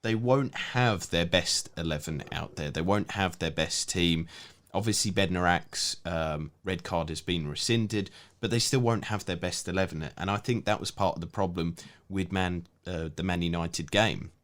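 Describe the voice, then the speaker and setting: Low voiced guy chatting on a footy podcast, laughs a lot, relaxed. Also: moderate pace. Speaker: podcast co-host, football pundit. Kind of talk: casual podcast chat.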